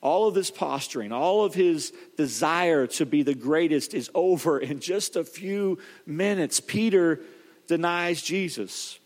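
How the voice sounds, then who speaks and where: High-voiced man preaching in a reverberant hall. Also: a little slow. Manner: storytelling, animated, with repeated restarts. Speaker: pastor. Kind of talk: sermon.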